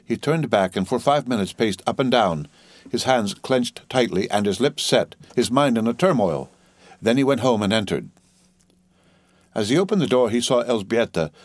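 A man narrating a novel as a steady, dramatic audiobook reading, lightly voicing the dialogue. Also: fairly low pitch, moderate pace, no room sound.

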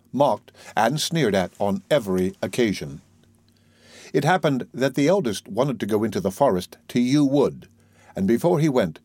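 A man's voice: medium pitch, a little mellow, dry recording. Man reading a fairy tale, dry sound. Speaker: narrator. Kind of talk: storybook reading.

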